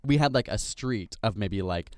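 A man from Canada, chatting casually and telling a story in an animated way, using "like" a lot. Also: fairly low pitch, moderate pace, no room sound, clean studio sound. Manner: animated storyteller, heavy use of "like". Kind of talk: casual chat.

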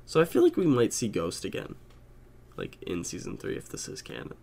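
A man's voice: on the low side, wildly swooping pitch, brisk, gravelly, mellow. A man co-hosting a podcast in casual chat, rambling with many fillers and swears. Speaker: podcast co-host.

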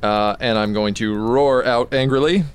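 A man's voice: mid-range voice, moderate pace, clear, resonant tone. A man playing a tabletop game, thinking aloud with fillers as he describes his character's moves. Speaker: player. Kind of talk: casual tabletop play.

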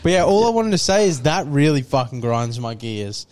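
A young Australian man chatting casually on a podcast, relaxed and swearing in passing. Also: medium pitch, normal speed. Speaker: podcast co-host.

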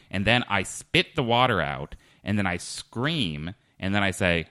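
A man's voice: sits low, animated, normal speed, few pauses, pushed and bright, smooth, no echo. A man hosting a comedy podcast, interviewing a guest in a dry, rambling, earnest-sounding way. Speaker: podcast host.

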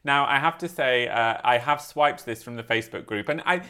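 A man's voice: medium pitch, a little fast, clean tone. A man co-hosting a casual podcast, reading a quirky news story aloud and breaking off to joke and laugh as he goes. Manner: animated, laughs while reading, breaks off to comment. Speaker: podcast co-host.

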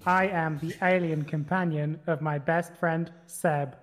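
Man putting on a robotic alien voice, flat, synthesized-sounding, slow deadpan delivery, comedy podcast bit. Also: on the high side, soft background music, close to an everyday voice.

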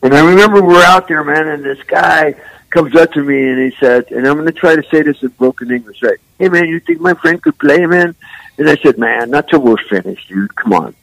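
An older man from San Francisco, a musician guest, telling rambling, animated stories full of "man" and "you know.". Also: a little high, fairly quick, gravelly, dry recording, rough recording. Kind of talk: casual storytelling interview.

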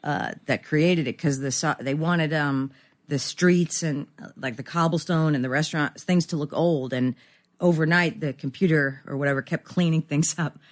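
A woman's voice: sits low, normal speed. A middle-aged woman actor talking candidly as an interview guest, rambling and self-deprecating with many fillers.

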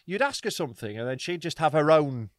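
A man, a comedian co-hosting a podcast, telling a story in a casual, animated, sweary way with frequent laughs. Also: fairly high pitch, quick pace, no echo, studio quality.

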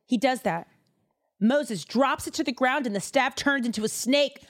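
A young woman hosting a podcast, retelling a Bible story in a chatty, slangy, animated way. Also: sits high, normal speed, no echo, studio quality. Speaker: podcast host.

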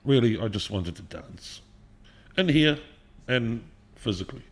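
A middle-aged man with a New Zealand accent tells stories in a relaxed interview. He talks animatedly, swears freely and laughs often. His voice sits at an ordinary pitch for a man. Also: unhurried. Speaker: podcast guest, musician. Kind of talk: casual interview storytelling.

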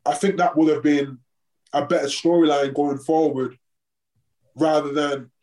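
A man's voice: fairly high pitch, fairly even intonation, measured pace, a little mellow. A man, a former football player and podcast guest, telling a story in casual chat and acting out the exchanges he quotes.

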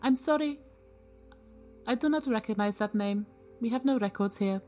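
A woman's voice: fairly high pitch, moderate pace, warm tone, faint music behind, voice pushed up, lightly acted. A woman voicing a polite robot archive keeper that apologizes formally. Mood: apologetic.

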